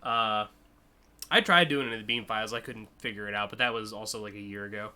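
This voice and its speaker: Excited male streamer, bright voice. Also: on the low side, quick pace, clear, resonant tone. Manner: enthusiastic, casual, swears, trails off with fillers. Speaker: streamer judging car designs. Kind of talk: live-stream commentary.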